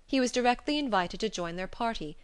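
A woman's voice: fairly high pitch, lively intonation, fairly quick, clean tone, no room sound. Woman reading a classic novel aloud. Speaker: narrator.

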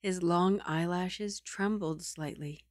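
A woman reading a novel aloud in a calm, even manner. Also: lowish voice, slow pace, dry recording, clean studio sound. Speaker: audiobook reader.

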